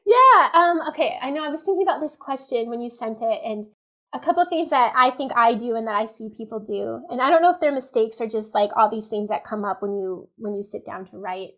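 A woman talks through her advice in a relaxed interview, her voice sitting a little high. She fills her sentences with "like" and "you know", circling back and rephrasing as she goes. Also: a little fast. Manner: chatty, full of "like" and "you know", animated. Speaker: copywriting guest. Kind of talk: casual interview chat.

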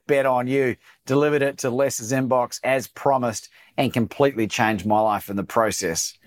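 An Australian man, a coach, telling a personal story as a guest in a podcast interview and acting out the lines of others. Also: medium pitch. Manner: animated storyteller, acts out quoted dialogue.

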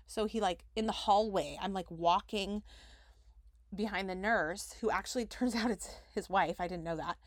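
A woman's voice: medium pitch, normal speed, dry recording. A young woman telling a personal story on her podcast, with chatty delivery full of "like" as she reenacts conversations. Her voice sits in an ordinary middle range, close and dry with no room sound. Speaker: podcast host. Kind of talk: casual storytelling.

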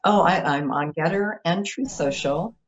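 A woman's voice: lowish voice, measured pace. Female guest, hesitant but resolute, muffled lo-fi line. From Arizona. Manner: hesitant, many ums, determined. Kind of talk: interview answers.

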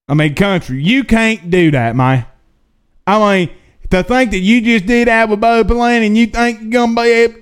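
A man's voice: sits high, moderate pace, smooth. A male sports talk show host, chatting casually on a live stream and reading out viewer questions in a drawling, folksy way. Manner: animated, drawling, folksy asides.

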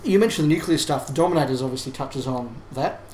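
A man's voice: mid-range voice, animated, quick pace, a little mellow. A man co-hosting a casual podcast discussion, talking in a thoughtful, analytical way with frequent restarts. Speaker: podcast co-host. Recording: roomy sound with faint background hiss.

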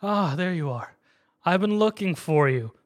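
Guy recapping an episode to a friend, acting out all the lines, kinda high voice. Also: a little slow. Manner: animated storytelling, acts out characters' lines. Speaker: podcast host recapping an anime episode. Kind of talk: casual chat.

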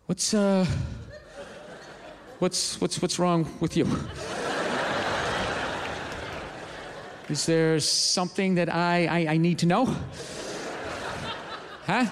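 A man's voice: sits high, steady tone, slow pace, pauses often, pitched below the performer's own voice. A man voicing a captive talking gorilla on stage, stammering and pleading in a stand-up bit. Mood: worried. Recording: reverberant theater, faint noise.

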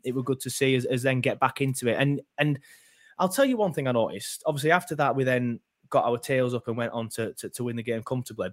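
A man's voice: mid-range voice, darkish tone. A man hosting a casual football fan podcast, rambling with many fillers and restarts. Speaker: podcast host.

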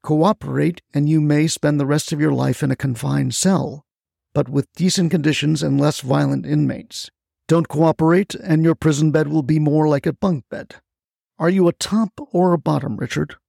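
A man's voice: fairly high pitch, steady tone, moderate pace, creaky, warm tone, no room sound, clean studio sound. A man voicing a blunt, commanding male federal agent. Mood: stern.

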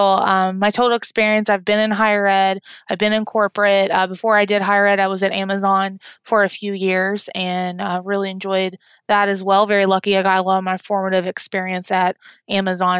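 Woman, podcast guest, very clear smooth voice, dry sound, friendly. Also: medium pitch, fairly bright tone, no room sound, dull audio. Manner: friendly, conversational, fillers. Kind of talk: casual podcast interview.

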